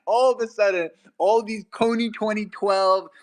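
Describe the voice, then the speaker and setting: Chatting casually at normal speed, a young man tells a lively story. He keeps laughing and acts out quotes, his pitch jumping suddenly as he does.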